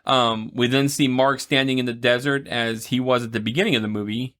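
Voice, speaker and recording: Speaking briskly in a steady, mid-range, slightly bright voice, a man co-hosts a podcast and loosely retells a film's story. He meanders, doing playful voices, laughing and tossing in asides.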